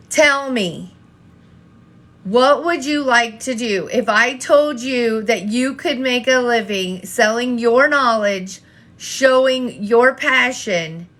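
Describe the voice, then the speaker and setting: A woman's voice: a little high, fairly bright tone. A woman coaching an online audience, talking straight to viewers and firing rhetorical questions, often repeating herself. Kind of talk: live-stream coaching talk.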